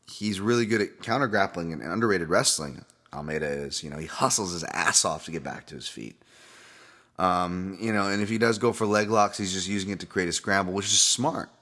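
Brief: low-voiced male host picking fights for bettors, profane and rambling, fired up. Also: fairly bright tone. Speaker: podcast host, fight betting analyst. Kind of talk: casual fight-betting commentary.

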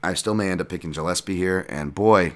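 A man with a deep, low voice hosts a casual podcast breakdown. He talks through his picks off the cuff, circling back, restarting phrases and swearing casually as he goes. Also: brisk. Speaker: podcast host and fight analyst.

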